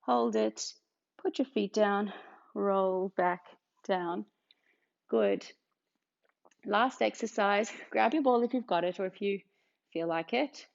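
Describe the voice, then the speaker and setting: Gravelly out-of-breath pilates instructor. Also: female voice, medium pitch, slow pace, long pauses. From Australia. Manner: cueing movements and counting down while exercising. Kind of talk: guided workout instruction. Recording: dull lo-fi sound.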